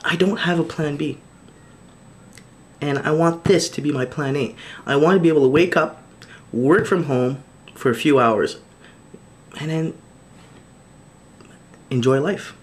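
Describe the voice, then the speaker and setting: A man's voice: fairly high pitch, a little slow, pauses often. A man recording a video diary straight to camera, talking in an earnest, pleading way, full of restarts and fillers. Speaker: vlogger.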